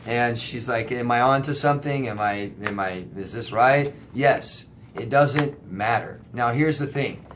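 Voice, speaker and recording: A man's voice: medium pitch, measured pace, hardly any pauses, a bit bright, a little hiss or hum. A man answering viewer questions as a life coach, blunt and emphatic, swearing now and then to drive a point home. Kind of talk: casual direct-to-camera advice.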